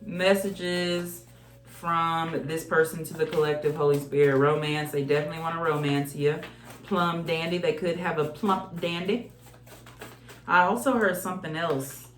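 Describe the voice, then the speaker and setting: A woman's voice: deep voice, steady tone, moderate pace. A woman does a casual tarot reading, talking bluntly and swearing freely. She sometimes breaks into snatches of song. Her voice carries an echoey room sound, with faint music underneath. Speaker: tarot card reader.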